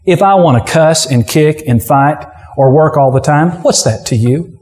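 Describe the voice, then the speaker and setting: A man's voice: on the high side, normal speed, a little mellow, long reverb tail, natural voice. A preacher voicing a careless, defiant man who rejects responsibility for others. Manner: dismissive, defiant.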